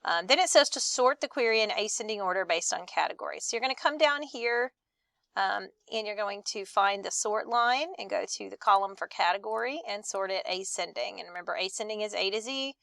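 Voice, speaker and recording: A woman instructor talks through a recorded software tutorial, patiently reading each step and then showing it. Her voice sits in a middle register with a gravelly fry at the ends of her phrases. The sound is dry and close to the microphone. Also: mid-range voice, a little fast, dry recording.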